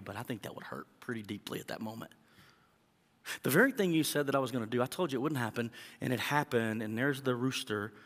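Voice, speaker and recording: A male pastor preaching a sermon, animated, acting out the quotes as he tells the story. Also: mid-range voice. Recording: long hall reverb.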